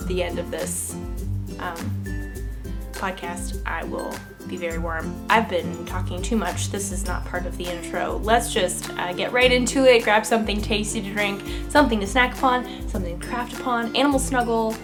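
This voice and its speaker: A woman's voice: mid-range voice, moderate pace, music in the background. A young adult woman hosting a knitting podcast, chatting casually and bubbly, laughing often. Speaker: podcast host. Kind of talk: casual chat.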